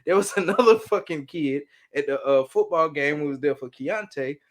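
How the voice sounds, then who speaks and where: A man's voice: a little high, normal speed. A man from Mississippi, co-hosting a podcast in casual chat and ranting profanely with lots of energy. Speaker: podcast co-host.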